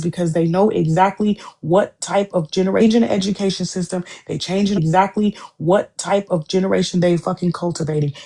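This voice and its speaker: A woman's voice: mid-range voice, creaky, dark tone. A woman co-hosting a podcast, talking in a heated, profane, repetitive way in casual chat. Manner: heated, profane, repeats herself.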